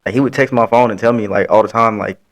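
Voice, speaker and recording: Quick, low-voiced man co-hosting a podcast. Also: steady tone. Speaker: podcast co-host. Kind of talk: casual chat.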